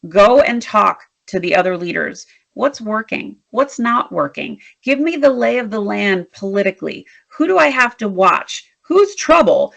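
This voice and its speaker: A woman interview guest, a leadership strategist, telling work stories in an animated, emphatic way. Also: medium pitch, gravelly. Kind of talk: storytelling in a conversational interview.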